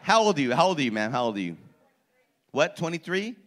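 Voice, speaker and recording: A man in his forties doing crowd-work stand-up in a comedy club, loud and profane, teasing people in the audience. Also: fairly high pitch, very animated, quick pace. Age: 40s.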